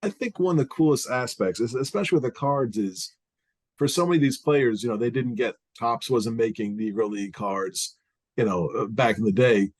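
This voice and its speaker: A man hosting a podcast, asking questions in a relaxed, conversational way. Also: mid-range voice, a little fast, no room sound. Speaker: podcast host. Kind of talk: casual interview.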